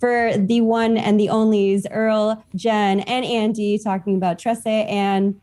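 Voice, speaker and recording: A woman's voice: mid-range voice, level tone, takes it slowly, dark tone. A woman hosting a live stream, asking questions eagerly and keeping things upbeat. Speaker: host. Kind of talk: casual live-stream chat.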